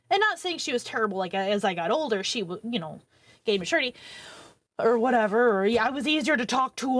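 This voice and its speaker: A woman in her thirties, a streamer telling a long personal story to her viewers in a profane, rambling, animated way. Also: fairly high pitch. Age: 30s.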